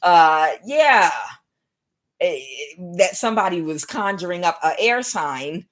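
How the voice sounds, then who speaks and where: Speaking slowly in a lowish voice with lively intonation, a woman does a live tarot reading. She talks directly to viewers in a repetitive, wandering way, frequently restarting what she says.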